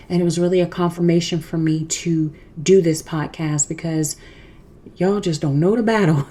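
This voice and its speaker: A woman's voice: fairly low pitch, dark tone. A woman hosting an inspirational faith podcast, speaking earnestly and emphatically straight to her listeners, repeating and rephrasing her points. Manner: speaks directly to listeners, encouraging. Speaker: podcast host.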